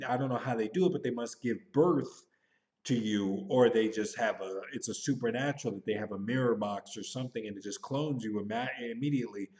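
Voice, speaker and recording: A man's voice: medium pitch, darkish tone, lo-fi sound. Rambling man in his thirties reviewing a film. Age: 30s. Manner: rambling, hurried, thinking aloud. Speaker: movie reviewer. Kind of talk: casual spoken movie review.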